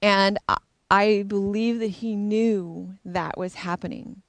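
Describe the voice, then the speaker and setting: A woman's voice: medium pitch, fairly even intonation, slow pace, no room sound. Middle-aged woman, frank and reflective storyteller, dry close recording. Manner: candid, reflective. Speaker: intuitive, psychic. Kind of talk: personal storytelling.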